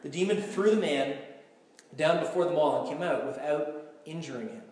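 Pastor preaching in an echoey hall. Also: male voice, fairly high pitch, moderate pace. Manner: conversational, emphatic, animated storytelling. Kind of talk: sermon.

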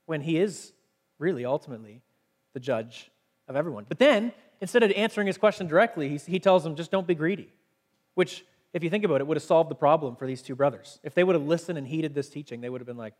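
A man gives a sermon as pastor, earnest and easygoing. He mixes scripture reading with everyday, chatty explanation. His voice sits a little high for a man. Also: animated, fast talker. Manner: earnest, conversational, reads scripture aloud.

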